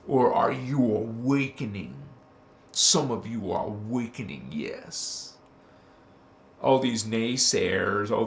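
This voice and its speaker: A man giving an impassioned spiritual talk, casual and slangy, swearing and flaring up into loud outbursts. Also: medium pitch, reverberant. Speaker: spiritual teacher.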